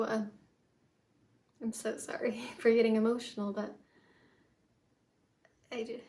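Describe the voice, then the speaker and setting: A young woman telling her own story in a vlog, soft and halting, with many fillers and restarts. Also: on the high side, level tone. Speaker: vlogger.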